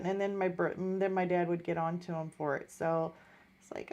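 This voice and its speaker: A woman's voice: fairly low pitch, flat delivery, moderate pace, darkish tone. A middle-aged woman hosting a live art stream, telling a story in casual chat and acting out the voices of the people in it.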